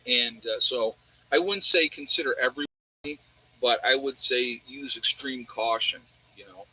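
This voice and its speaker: His mid-range voice is bright, forceful and slightly rough at a moderate pace, recorded with no echo and low quality. The New York State man, with a New York accent, hosts a livestream, rambling through chat replies and posing rhetorical questions.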